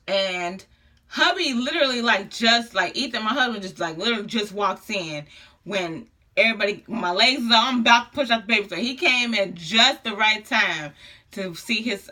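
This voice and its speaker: Young woman vlogger, bright and slightly high voice, animated and slangy, laughs often. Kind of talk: casual storytelling to camera.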